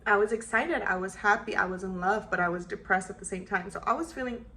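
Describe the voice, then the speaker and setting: A young woman vlogger telling a personal story in a casual, animated way, acting out what people said and leaning on "like" a lot. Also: mid-range voice, fast talker, a little hiss or hum, low-quality recording. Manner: animated, acts out quotes, frequent "like".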